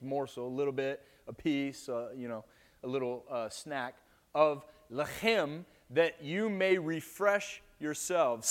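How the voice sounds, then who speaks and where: A man's voice: a little high, fairly bright tone. A man preaching a sermon with playful jokes to a live audience after an opening prayer.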